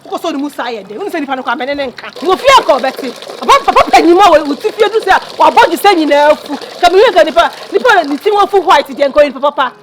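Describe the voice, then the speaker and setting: A woman's voice: high voice, expressive, racing, hardly any pauses, noisy background. An actress with a Ghanaian accent playing a flashy young woman who laughs, teases and mixes Twi with English slang as she brags about luxury things. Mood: gossiping. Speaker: actress in a Kumawood film. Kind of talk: dramatic film dialogue.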